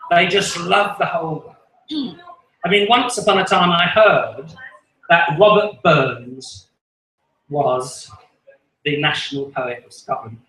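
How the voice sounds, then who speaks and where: A man's voice: fairly high pitch, slow pace, pauses often, pushed and bright. Wry English man doing stand-up. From England. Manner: wry, self-deprecating, chuckles at his own jokes. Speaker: stand-up comedian. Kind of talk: stand-up comedy at an open mic. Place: small live venue. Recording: echoey room.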